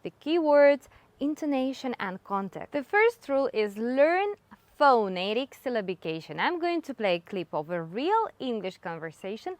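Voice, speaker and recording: A woman whose first language is Spanish narrates an English lesson, slowing down to demonstrate phrases with emphasis. Her voice is fairly high and very lively, recorded dry and close. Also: no room sound. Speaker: English teacher.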